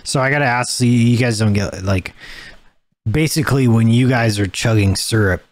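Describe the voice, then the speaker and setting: A man hosting a casual podcast chat, adding quick jokes. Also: medium pitch, dry recording. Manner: joking interjections.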